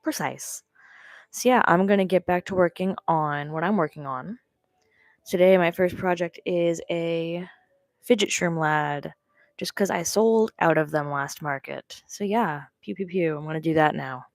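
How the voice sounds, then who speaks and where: A woman's voice: on the low side, a little slow, no room sound, low-quality recording. A young woman with a morning voice, chatting in an offhand, rambling way while she crochets along on a wearable mic. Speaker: crochet maker and seller. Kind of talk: casual work-along livestream chat. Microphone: wearable microphone.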